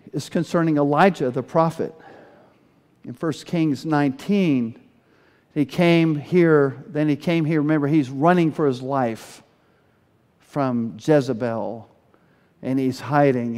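A man preaching a sermon as pastor, telling Bible stories in an animated way and acting out the speakers he quotes. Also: mid-range voice. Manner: animated storytelling, voices quoted speakers with bursts of energy. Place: church sanctuary. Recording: long hall reverb.

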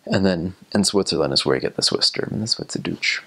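A young man with a very deep, gravelly voice talks casually. His tone is a little husky, and he eases along with fillers. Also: fast talker. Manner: relaxed, hesitant with fillers. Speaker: returned missionary. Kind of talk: casual chat.

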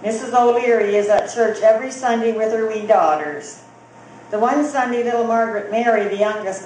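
A woman comedian telling jokes slowly and deliberately to a live audience, pausing for laughs. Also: on the high side, darkish tone, very echoey, a little hiss or hum, low-quality recording. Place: coffee house.

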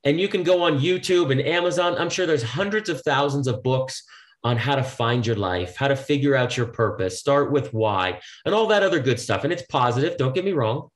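A man's voice: medium pitch, lively intonation, brisk. A male motivational speaker talking as a podcast guest, emphatic and preachy. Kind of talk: podcast conversation.

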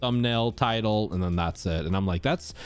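A man's voice: on the low side, moderate pace, smooth, soft background music. A man hosting a casual podcast interview, asking rambling questions with many fillers. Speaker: podcast host.

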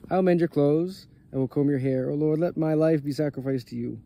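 A man's voice: fairly high pitch, fairly quick, mellow, close to an everyday voice. A man voicing a humble, devoted male shepherd, earnest and pleading in his lines.

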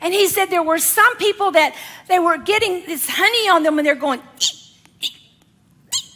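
A woman speaker telling a story in a sermon to a congregation, addressing the audience directly as a lively storyteller. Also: very high voice, brisk. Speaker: guest speaker, biographer.

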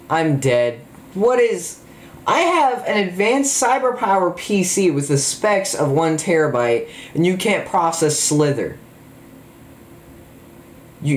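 A man giving excited, jokey gameplay commentary, full of exclamations. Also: fairly high pitch, echoey room, a little hiss or hum. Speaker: gamer.

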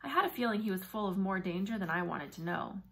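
A woman reading a novel aloud in first person, with brisk, vivid storytelling. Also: medium pitch, lively intonation, fairly bright tone. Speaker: audiobook narrator.

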